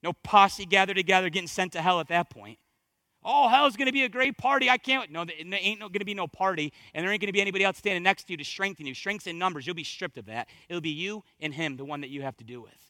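Male preacher, high bright voice, fervent, repeats lines for emphasis, dry sound. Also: fast, hardly any pauses, no room sound. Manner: fervent, swinging between loud emphatic exhortation and hushed intensity. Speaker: pastor. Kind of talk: sermon.

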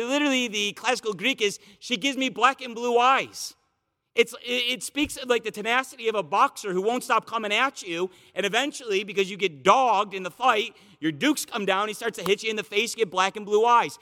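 A man's voice: high-pitched, normal speed, bright, forceful tone, long reverb tail. A man preaching an expository sermon, explaining the text in a conversational teaching manner and building to emphatic repeated phrases. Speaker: pastor.

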